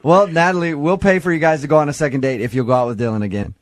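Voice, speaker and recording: A man's voice: on the high side, rapid-fire, a crowd in the background. A man hosting a morning radio show, teasing and playful as he banters and makes a prank call.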